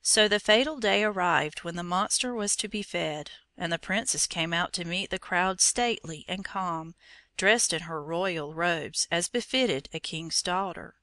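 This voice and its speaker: A woman reading an old fairy tale aloud in a measured, expressive storytelling manner. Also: fairly low pitch, dry recording. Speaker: narrator.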